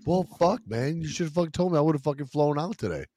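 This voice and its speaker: A man co-hosting a podcast in relaxed casual chat, swearing freely and laughing often. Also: fairly high pitch, quick pace, breathy edge, dry recording, clean studio sound. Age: adult parent. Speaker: podcast co-host.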